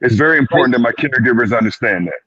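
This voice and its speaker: A man's voice: mid-range voice, very fast, muffled recording, crowd noise. A male clinician speaking as a guest on a panel, emphatic, repeating his words and often slipping into quoted asides. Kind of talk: panel discussion.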